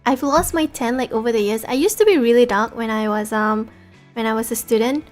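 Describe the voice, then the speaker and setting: A woman's voice: a little high, fairly quick, soft background music. A young woman from Singapore with a light Singaporean English accent, chatting casually on a stream, giggly and full of fillers and restarts. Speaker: VTuber streamer.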